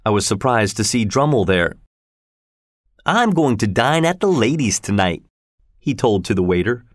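A man's voice: mid-range voice, dry recording. Man reading a storybook, dry voice. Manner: steady, measured first-person storytelling. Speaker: narrator.

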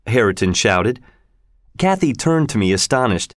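A man narrating a storybook in a slow, measured reading style. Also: medium pitch, expressive, no room sound, clean studio sound.

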